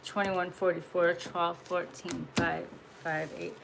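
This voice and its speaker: A woman's voice: mid-range voice, a little slow, long pauses, heavy background noise. A woman giving a casual spiritual message as a tarot reader, blunt and profane, laughing often and pressing her points with emphasis.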